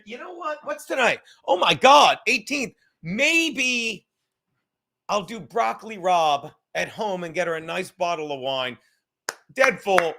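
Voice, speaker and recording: Loud sweary guy riffing on his stream, high voice, sharp sound. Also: sing-song, a little slow, vocal fry. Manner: loud, rambling, profane, reading chat comments aloud. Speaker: livestream podcast host. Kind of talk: casual chat.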